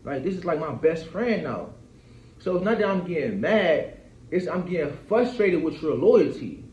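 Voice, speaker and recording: A man's voice: fairly high pitch, expressive, moderate pace, darkish tone. A man in his thirties venting in a casual, rambling monologue. He swears freely and keeps checking in with his listener. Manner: rambling, profane, keeps asking "you feel me". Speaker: vlogger. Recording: echoey dull lo-fi room.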